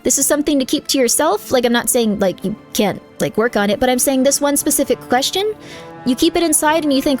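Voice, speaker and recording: High-voiced woman chatting with her stream. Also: brisk, darkish tone, faint music behind. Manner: rambling, candid advice full of "like", reacting to chat. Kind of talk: casual chat with viewers during a live game stream.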